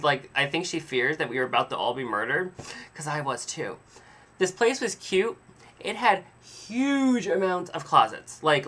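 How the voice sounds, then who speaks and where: A man's voice: on the high side, sharp tone. A man telling a story casually in a vlog, rambling with self-deprecating asides. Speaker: vlogger.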